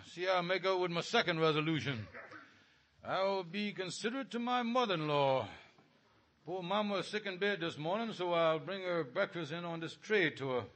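A man's voice: high-pitched, fairly bright tone. A man playing a scheming, blustering middle-aged husband in a radio comedy, talking in broken grammar and fawning to get his way. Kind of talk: 1940s radio comedy acting.

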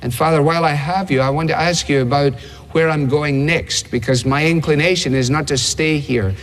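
A man voicing Jesus praying earnestly to his Father, slow and halting. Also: a little high, steady tone, natural voice. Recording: long hall reverb.

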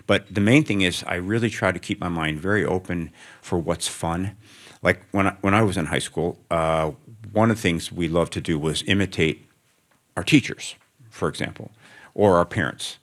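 A man with a very low, deep voice talks as a writer in front of a student audience. He answers in a reflective, wandering way, slipping in wry asides. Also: normal speed. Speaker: writer, guest of an onstage interview. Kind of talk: answering questions before a live student audience.

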